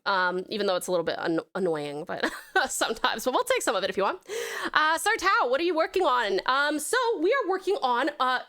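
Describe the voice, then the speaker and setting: A bubbly woman streamer with an accent that blends American and Australian sounds. Her voice sits high and bright, and it swoops up and down a lot as she reads chat aloud. She thanks viewers warmly with pet names. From United States. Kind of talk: casual live-stream chat while drawing.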